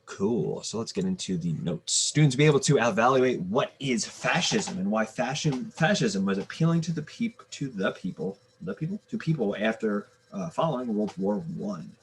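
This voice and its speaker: A man teaching a remote history lesson in a casual, halting way, with fillers and restarts. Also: on the low side, expressive, slight background noise.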